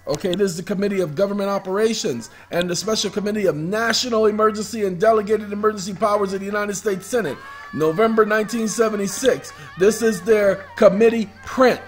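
A man's voice: sits high, a little fast, faint music behind. A man hosting his own video, rambling casually through documents on his screen, addressing viewers as y'all and breaking into bits of song. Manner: rambling, talks to viewers as y'all, sings snatches of songs. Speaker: video host. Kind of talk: casual screen-share commentary.

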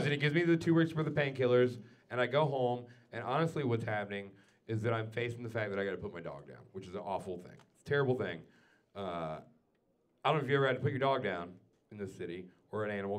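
A man doing a stand-up comedy set, telling a story with lots of swearing and swinging from quiet asides to loud rants. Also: lowish voice. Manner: swears freely. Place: comedy club stage before a live audience.

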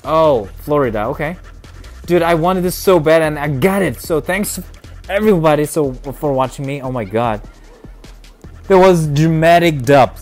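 A young man streaming a video game, chatting casually and excitably, often laughing and mumbling then cheering loudly. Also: on the high side, moderate pace, soft background music. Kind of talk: casual live gameplay commentary.

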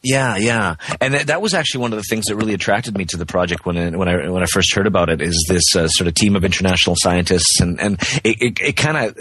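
Low husky-voiced man on a call. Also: fast talker, few pauses, a bit bright, no echo. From Canada. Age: 40s. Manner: chatty, hesitant, many fillers and restarts. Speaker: guest actor. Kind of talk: casual phone interview. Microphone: phone call.

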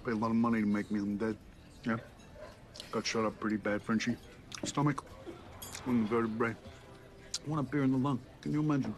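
A brash, pushy debt collector, played by a man with a theatrical swagger and plenty of swearing. His voice sits in a middle pitch. It is film drama dialogue, mock-grand and needling by turns. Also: little pitch movement, fairly quick, long pauses, close to an everyday voice. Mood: matter-of-fact.

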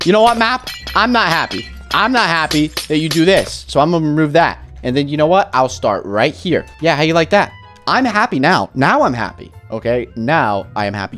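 A young man giving excitable gameplay commentary that swings from loud outbursts to mumbling. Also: on the high side. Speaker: gaming YouTuber.

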